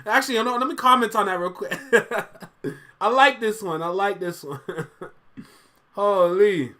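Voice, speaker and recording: High, bright-voiced man. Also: unhurried. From Canada. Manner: laughs often, upbeat and chatty. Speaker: host reacting to a livestream. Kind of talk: casual reaction commentary.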